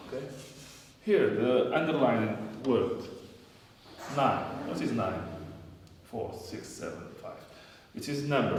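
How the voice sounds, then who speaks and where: A man's voice: medium pitch, noisy background. A man teaching an English grammar lesson, repeating phrases again and again as he drills his students. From Morocco. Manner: repetitive, drills phrases over and over. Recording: echoey room, voice from a distance.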